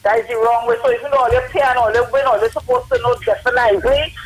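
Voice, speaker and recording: A woman's voice: a little high, fairly even intonation, quick pace, low-quality recording. Fiery Trinidadian woman ranting about politics. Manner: fiery, preachy, mocking. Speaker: live-stream guest. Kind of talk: political rant.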